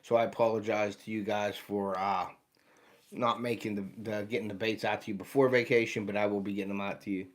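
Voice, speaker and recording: A man's voice: fairly low pitch, little pitch movement, a little fast. An American man in his fifties, hosting a casual livestream for his outdoor channel. He sounds tired and yawns now and then, and he chats loosely while greeting viewers by name. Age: 50s. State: tired, yawning.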